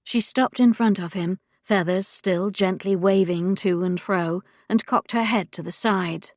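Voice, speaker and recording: A woman narrating a historical romance audiobook in a measured, wry storytelling manner. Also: mid-range voice, no room sound, clean studio sound. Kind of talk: scripted narration.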